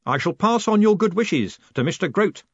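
A cheeky young con man with a raised, lively voice, as a male narrator puts him on, breezy and full of confidence. The voice is husky, and the audiobook recording is dry and a bit dull. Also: high-pitched, moderate pace, dry recording, voice pushed up. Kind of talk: audiobook character reading.

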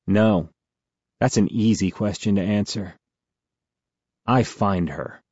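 A man narrating a first-person novel as an audiobook in a steady, measured way. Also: lowish voice, husky, no echo, lo-fi sound.

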